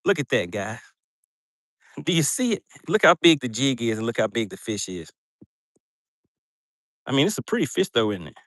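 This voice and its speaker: A man's voice: mid-range voice, big pitch swings, normal speed, long pauses, fairly bright tone, no echo, clean studio sound. A man hosting a fishing livestream from a boat, chatting casually and reading out viewer comments with frequent laughs.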